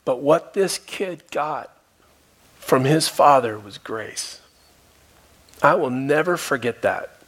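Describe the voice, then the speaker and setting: A male pastor preaching a sermon, telling a story and dropping at times to a soft, hushed voice for emphasis. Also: medium pitch, expressive, slow, pauses often. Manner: storytelling, shifts between soft hushed tones and raised emphasis. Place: church.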